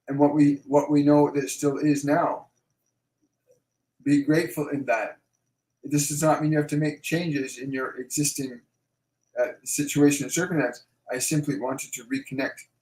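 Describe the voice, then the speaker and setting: A man hosting a live Q&A as a medium, relaying messages and repeating phrases slowly and emphatically. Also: on the high side, steady tone, darkish tone, echoey room, low-quality recording. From Canada.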